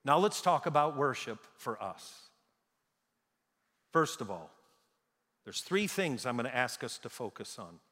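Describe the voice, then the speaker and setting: A man's voice: medium pitch, very animated, unhurried, pauses often, fairly bright tone. Preaching man in a reverberant hall. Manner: dramatic scripture reading, rising emphasis on key words. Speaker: pastor. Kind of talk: sermon.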